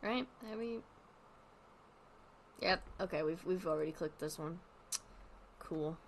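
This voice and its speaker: A woman's voice: lowish voice, takes it slowly, slight background noise. A woman streamer giving casual commentary while playing, rambling and thinking aloud with lots of fillers.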